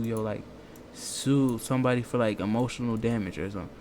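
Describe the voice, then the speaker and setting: A man's voice: mid-range voice, fairly quick, darkish tone, slight background noise. A man hosting a reaction video, talking loosely in casual slang with lots of restarts. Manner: loose, slangy, rambling talk with many restarts.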